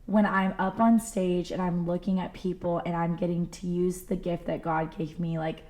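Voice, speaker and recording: A woman's voice: on the low side, level tone, moderate pace, mellow. A young adult woman, a singer guest on a podcast, talking earnestly and from the heart with lots of "like" fillers. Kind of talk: casual podcast chat.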